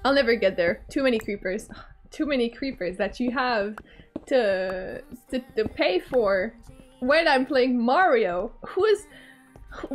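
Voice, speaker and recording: A woman's voice: a little high, animated, unhurried, faint music behind. A young adult woman streaming from home on a desk mic, chatting casually with her chat in a playful, teasing way, laughing often. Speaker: live streamer. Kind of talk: casual live-stream chat, reading chat aloud. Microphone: desk microphone.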